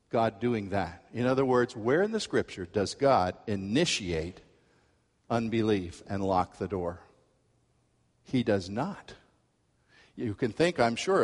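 A male pastor preaching a sermon, telling a story with lively acted-out quotes. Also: medium pitch, long reverb tail. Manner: animated storytelling, acts out quoted voices.

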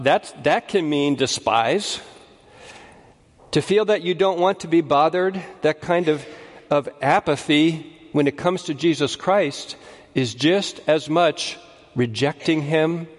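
A man preaching a sermon, speaking deliberately and rising to emphatic readings of scripture. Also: mid-range voice. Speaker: pastor. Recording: long reverb of a large hall.

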